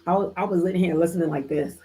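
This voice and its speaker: Animated woman host recapping a book. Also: lowish voice, fast talker, husky. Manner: animated, slangy retelling with playful asides. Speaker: book club livestream host. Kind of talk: casual book recap chat.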